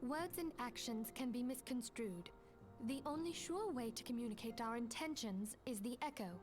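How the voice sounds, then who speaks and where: A woman voicing a calm, diplomatic leader in game dialogue, soft-spoken and earnest. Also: fairly high pitch, normal speed, over music, natural voice. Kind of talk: voiced game cutscene dialogue.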